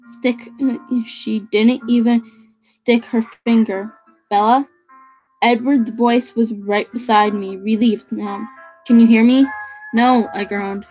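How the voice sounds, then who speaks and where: Casual reader: a woman with a raised pitch who trips over words while reading a novel aloud. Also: low-quality recording. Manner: stumbling over words, restarting phrases.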